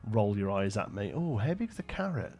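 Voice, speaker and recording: A man's voice: lowish voice, big pitch swings, normal speed, darkish tone, faint music behind. A young man live-streaming a building game, thinking aloud and chatting with viewers between frequent fillers. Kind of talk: casual live-stream commentary.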